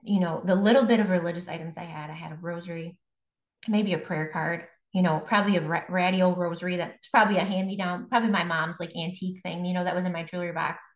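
A woman's voice: fairly low pitch, fairly even intonation, fast. A young adult woman from Buffalo, New York, telling her personal faith testimony as a guest, chatty and full of fillers and restarts. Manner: conversational, many fillers and restarts. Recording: roomy echo.

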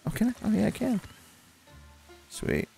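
A young man on casual co-op game commentary, his highish voice swinging widely as he laughs, curses and barks orders at his partner. He teases constantly, with faint music under the talk. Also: wildly swooping pitch, moderate pace, vocal fry, mellow. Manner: laughs a lot, swears, bossy and teasing. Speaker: co-host of gaming commentary.

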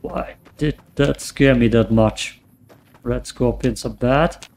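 A man casually commenting on his own gameplay, muttering to himself and swearing often, his voice getting hoarse. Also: mid-range voice, steady tone, takes it slowly, darkish tone, slight background noise. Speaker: let's play gamer.

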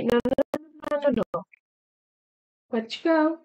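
High-voiced woman narrating her gameplay. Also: unhurried, lo-fi sound. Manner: excitable, talks aloud to animals in the game. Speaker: gameplay streamer. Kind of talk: casual let's-play commentary.

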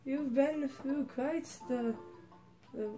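A timid, easily startled male hat spirit from a video game, put on by a woman. He speaks hesitantly and stammers through his apologies in a slightly high voice, over faint game music. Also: fairly even intonation, slow pace, warm tone.

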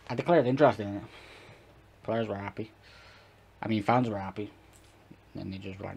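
A man commentating live on his football-management game, chatting to viewers and shouting and swearing at the match as it plays. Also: lowish voice, brisk, creaky, long pauses, slight background noise. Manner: talks to viewers, chatty and rambling. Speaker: gaming YouTuber.

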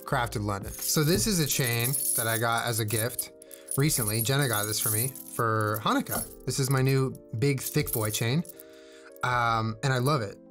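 A man's voice: medium pitch, moderate pace, fairly bright tone, soft background music. A young man casually chatting in a vlog, rambling with jokey, self-deprecating asides as he shows off his jewelry. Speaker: streamer showing his jewelry. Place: indoors at home, on camera.

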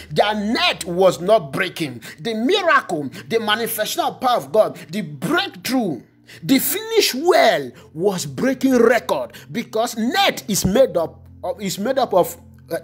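A man's voice: high-pitched, slightly rough. A man preaching fervently as a pastor, repeating phrases and praying in tongues. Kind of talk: online prophetic sermon and prayer.

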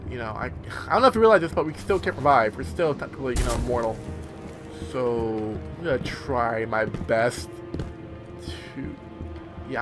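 A man giving casual let's-play commentary as he plays, excitable and swearing often with sudden outbursts. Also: medium pitch. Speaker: gameplay commentator. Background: game music.

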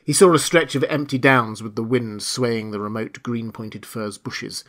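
A man narrating a classic novel as an audiobook, reading in a measured, hushed way. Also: mid-range voice, steady tone. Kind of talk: scripted narration.

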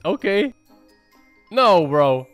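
A man hosting a reaction video, talking casually and excitedly, firing off quick exclamations and calling everyone "bro". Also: high-pitched, soft background music.

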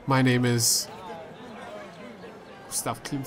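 Slow, high-voiced man reading game lines. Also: lively intonation, fairly bright tone, some chatter behind. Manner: playful, switches voices for characters. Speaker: let's play gamer. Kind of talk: reading game dialogue aloud.

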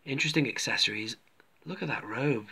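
Male collector-reviewer, bright forceful tone, loose rambling chat to viewers. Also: medium pitch, brisk, gravelly, slightly rough. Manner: rambling, chatty, addresses viewers as folks. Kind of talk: casual toy review.

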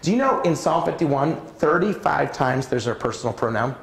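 A man giving a preaching talk at a church conference, telling personal stories in an animated way. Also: normal speed, vocal fry. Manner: animated, swings pitch widely while acting out stories. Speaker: conference speaker. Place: church auditorium. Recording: roomy church hall sound.

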